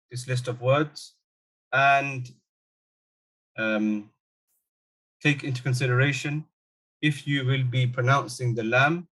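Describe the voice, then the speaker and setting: A man's voice: medium pitch, a bit bright. Patient male Arabic teacher. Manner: patient, repeats example words slowly. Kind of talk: online language lesson.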